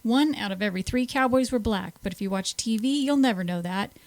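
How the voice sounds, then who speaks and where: A woman co-hosting a radio show, reading her notes in a smooth, even delivery. Her voice is recorded dry and close, with no room echo. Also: mid-range voice, a little fast. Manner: smooth even reading, brief agreeing replies.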